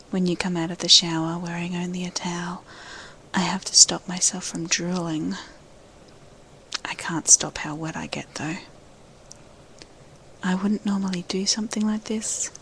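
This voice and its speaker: A woman in a whispered role-play, telling an intimate first-person story in an unvoiced whisper, hushed and slow. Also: fairly low pitch, a little hiss or hum, low-quality recording.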